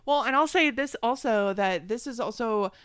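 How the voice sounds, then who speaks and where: Woman cohost, casual chat, keeps agreeing, clear smooth voice, no room sound. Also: on the high side, no echo, studio quality. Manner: warmly agreeing, quick to laugh. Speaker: podcast co-host.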